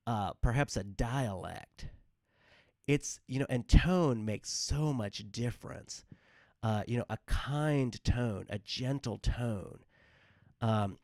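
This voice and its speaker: Earnest low-voiced man giving a devotional talk. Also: a little mellow, no echo, clean studio sound. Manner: earnest, with frequent fillers and repeated words. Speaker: devotional podcast host.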